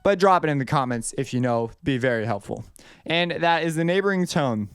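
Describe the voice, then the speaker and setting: A young man teaches melody writing in an easygoing, conversational way, often restarting sentences and thinking out loud. His voice sits a little high and sounds smooth and clear. The recording is close and dry. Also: expressive, a little fast, dry recording, soft background music. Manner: loose and conversational, many restarts, thinks aloud. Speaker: music composition teacher. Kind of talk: casual video lesson.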